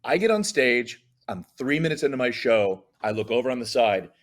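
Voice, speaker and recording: With a mid-range voice at a moderate pace, a middle-aged comedian guest relates stories in a casual interview. He stays animated, acting out the dialogue in voices.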